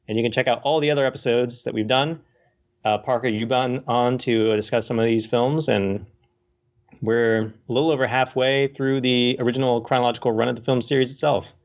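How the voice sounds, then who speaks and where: Rambling man with a muffled sound. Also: mid-range voice. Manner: rambling, explanatory, hesitant with many pauses. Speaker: podcast co-host. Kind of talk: casual podcast chat about films.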